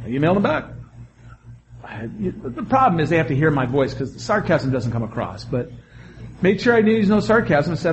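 A man preaching a sermon, animated, with quick asides and acted-out quotes. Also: a little high, a little hiss or hum. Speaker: pastor.

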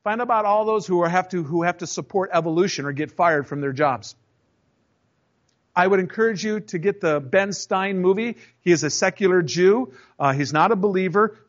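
A man with a high-pitched voice preaches a sermon in an easy, conversational manner. He tells stories, acts out the voices in them and speaks straight to his listeners. The recording sounds dull and lo-fi. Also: moderate pace. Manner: storytelling, acts out voices in anecdotes; conversational, addresses the congregation directly. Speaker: pastor.

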